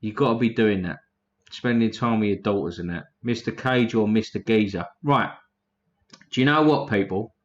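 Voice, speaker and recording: A man's voice: fairly low pitch, moderate pace, highs cut off. A man hosting a casual livestream, reading chat names aloud in a blunt, profane way.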